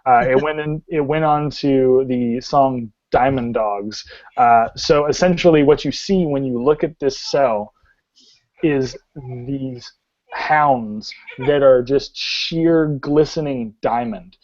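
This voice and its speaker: A man narrating a tabletop game as game master, rambling and halting with many fillers. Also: medium pitch, darkish tone, no echo. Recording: dull lo-fi sound.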